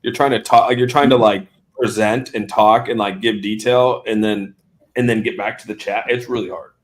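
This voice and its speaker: A man's voice: lowish voice, steady tone, moderate pace. A man co-hosting a casual livestream chat who rambles, swears a lot and often trails off mid-sentence.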